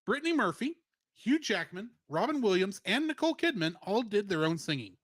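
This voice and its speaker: A man's voice: high voice, very animated, fairly quick, fairly bright tone, no room sound. A man co-hosting a podcast, reading a plot summary and film trivia with playful asides. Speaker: podcast co-host.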